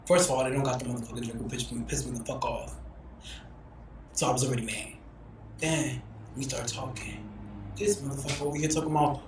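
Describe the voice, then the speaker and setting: A podcast host with a rumbling low voice tells a story fairly quickly, with long pauses, in casual, blunt, profane talk, acting out the people she quotes. The room echoes and the background is noisy.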